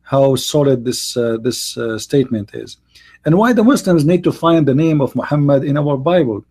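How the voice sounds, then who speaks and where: Husky man hosting a live stream. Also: mid-range voice, expressive, warm tone. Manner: halting, many fillers and restarts. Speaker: host. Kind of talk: live-stream debate talk.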